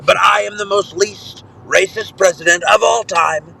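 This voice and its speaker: A man's voice: high-pitched, fairly even intonation, unhurried, bright, forceful tone, a little hiss or hum, full character voice, rough recording. A man doing an impression of a boastful, brash male president in a recorded voice message, bragging and repeating himself. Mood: mocking. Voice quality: gravelly, bragging, repetitive. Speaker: listener sending a voice message.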